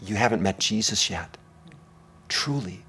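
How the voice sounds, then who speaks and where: A man preaching a sermon as pastor, swinging between hushed, intimate lines and loud, emphatic ones. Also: fairly low pitch, lively intonation, measured pace, gravelly, breathy edge.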